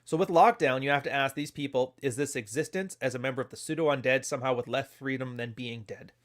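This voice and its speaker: A man's voice: medium pitch, quick pace. A man hosting a casual livestream, telling a story in a blunt, profane way. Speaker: commentary host.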